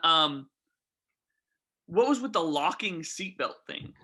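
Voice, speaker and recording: A man co-hosting a podcast, chatting casually while reviewing a movie and firing off animated questions. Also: on the high side. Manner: animated, rapid-fire questions, quotes own reactions. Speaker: podcast co-host.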